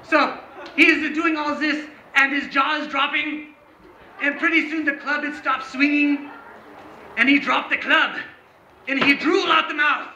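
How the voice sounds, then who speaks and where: A man telling a comic story live while juggling, animated and chatty with the audience. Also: extremely high pitch, unhurried, highs cut off, a little hiss or hum. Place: live performance room. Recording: echoey room.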